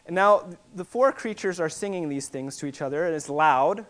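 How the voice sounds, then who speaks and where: A man preaching a sermon, explaining in a teaching way and repeating words for emphasis, sometimes rising to forceful declarations. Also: fairly high pitch, moderate pace.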